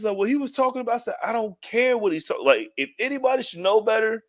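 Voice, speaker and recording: A man with a fairly high voice rants on a casual podcast, heated and full of swearing. He restarts his sentences again and again and keeps calling his co-host "dog". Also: animated, fast. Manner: heated, profane ranting with many restarts and "dog".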